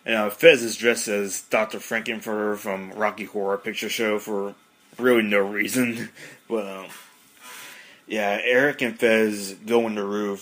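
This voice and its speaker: A man's voice: fairly low pitch, fairly bright tone. A man hosting a casual podcast monologue, rambling with many fillers. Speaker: podcast host.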